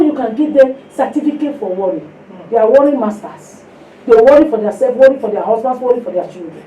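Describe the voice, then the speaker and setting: Her voice is high-pitched and warm. Sermonizing to a women's fellowship, this Nigerian preacher adds sound effects to her stories, mixes in Yoruba and urges her listeners on directly, all captured from a distant mic in an echoey room with faint noise.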